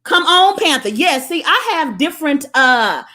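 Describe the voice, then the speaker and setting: A woman's voice: big pitch swings, a little slow, soft background music. A woman from the United States hosting a livestream, preaching in a blunt, profane, impassioned way while she reads out viewer comments. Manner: profane, blunt and preachy, swinging from loud to low. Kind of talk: impassioned motivational livestream talk.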